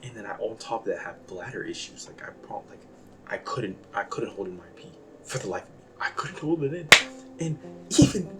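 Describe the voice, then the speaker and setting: A young man talking in a casual, rambling monologue that is self-deprecating and jumps from quiet musing to loud outbursts. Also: lowish voice, brisk, recorded from a distance, very noisy. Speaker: vlogger. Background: background music.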